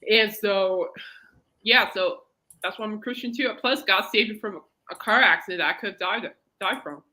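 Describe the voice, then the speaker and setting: Bright-voiced chatty woman podcast host. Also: mid-range voice, moderate pace. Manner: rambling, chatty storyteller. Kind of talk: casual chat.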